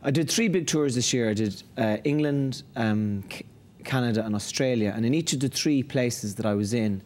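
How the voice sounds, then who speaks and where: A man's voice: medium pitch, moderate pace, darkish tone. A man with an Irish accent, a comedian guest chatting on a talk show, laughing through his jokes. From Ireland. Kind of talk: casual talk-show chat.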